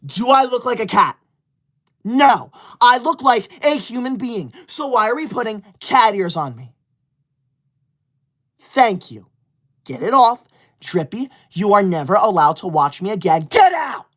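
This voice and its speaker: A man in his twenties playing a touchy, self-important young livestreamer who reads super chats in an indignant, whiny way and shouts at viewers. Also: high voice, animated, measured pace, pauses often, exaggerated voice. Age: 20s. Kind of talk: parody livestream skit.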